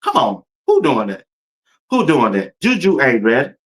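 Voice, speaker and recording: A man's voice: mid-range voice, huge pitch swings, moderate pace, a bit bright. A man hosting a casual sports talk stream, speaking loosely and colloquially, laughing often and talking straight to his viewers. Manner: addresses viewers and chat directly. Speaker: sports talk show host. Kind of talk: casual sports commentary livestream.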